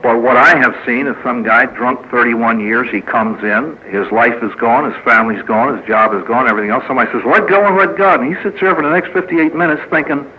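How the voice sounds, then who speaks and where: Brisk and with few pauses, a medium-pitched priest gives a humorous speaker-meeting talk at a recovery gathering, using a folksy storytelling manner with jokes and acted quotes. He is before a live audience in a meeting hall, and the muffled recording has a little hiss or hum.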